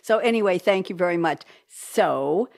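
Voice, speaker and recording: A woman's voice: on the low side, expressive, moderate pace, creaky. A woman hosting an online talk show from her home desk over a video call, chatty and digressive, laughing often. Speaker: host. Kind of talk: casual chat on a video call. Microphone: desk microphone on a video call.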